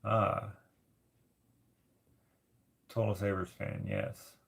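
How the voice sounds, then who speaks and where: A man from Canada hosting a casual livestream, reading viewer comments aloud and rambling as he thinks out loud. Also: lowish voice, expressive, drawn-out words, vocal fry, husky. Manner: rambling, thinks out loud while searching things up. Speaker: livestream host.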